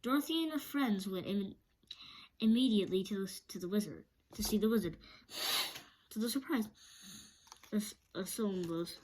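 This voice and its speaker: A woman reading a children's book aloud, steady but often stumbling and restarting. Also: medium pitch, moderate pace, long pauses, a little hiss or hum, low-quality recording. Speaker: storyteller.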